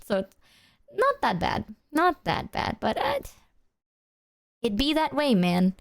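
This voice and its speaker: This young woman streamer has a highish, creaky voice and speaks slowly, pausing often. She chats casually with viewers, telling lively stories with slang and profanity and performing her friends' quoted lines.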